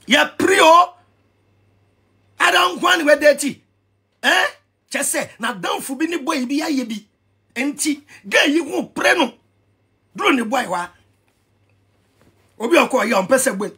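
A Ghanaian man ranting in an animated vlog commentary, excitable and mixing pidgin with Twi. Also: very high-pitched, unhurried, long pauses. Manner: excitable, switching between pidgin and Twi, shouting and laughing. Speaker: vlogger.

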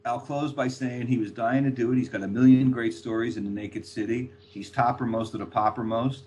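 An older man, a guest author, telling lively anecdotes and acting out the voices of people he quotes. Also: mid-range voice, fairly quick, slight background noise. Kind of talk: storytelling anecdotes.

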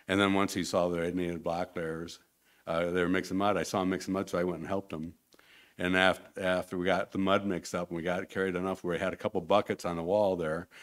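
Low-voiced man rambling at a podium. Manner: rambling, conversational, restarts often. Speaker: church mission speaker. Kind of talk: informal church presentation with slides. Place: church hall, at a podium.

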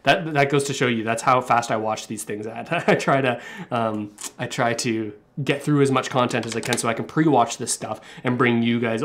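A man from Canada talks through news clips in a loose, conversational way. He circles back with fillers and restarts as he reacts. His voice sits in an ordinary middle pitch. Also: a little hiss or hum. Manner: chatty, many fillers and restarts, reacting to footage. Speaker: finance commentator. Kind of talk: casual commentary on clips.

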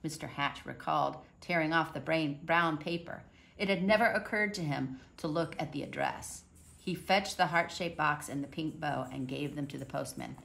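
A woman calmly reading a children's picture book aloud. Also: deep voice, normal speed, vocal fry. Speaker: storybook reader.

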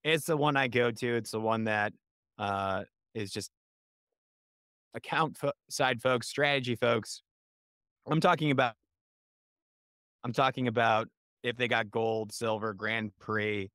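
A man's voice: mid-range voice, a little slow, pauses often, smooth, no echo, clean studio sound. A man with a Chicago accent hosting an advertising podcast, upbeat and playful as he interviews a guest. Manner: energetic, playful, hyped. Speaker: podcast host.

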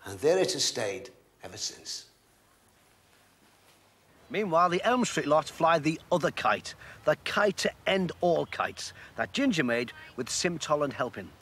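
A man reads a storybook aloud, expressive and measured, his pitch swinging widely from line to line. The voice is on the high side for a man and carries a husky grain. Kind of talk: storybook reading.

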